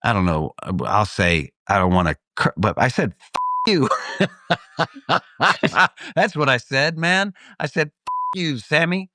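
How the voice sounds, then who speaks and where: A middle-aged man from Texas, a podcast co-host telling a story in a casual way, animated and laughing often. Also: fairly low pitch, a little slow, no room sound. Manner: animated, acts out voices in anecdotes, laughs often. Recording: dry close studio mic.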